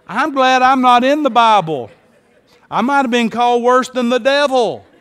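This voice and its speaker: A man preaching a sermon as a pastor, swinging from hushed tones to shouts. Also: very high-pitched, normal speed, clean tone, big-room sound.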